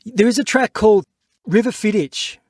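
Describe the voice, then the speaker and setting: A man hosting a music interview, asking measured, scripted-sounding questions. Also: sits high, a little mellow, husky, no echo, clean studio sound. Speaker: interview host. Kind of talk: radio-style interview.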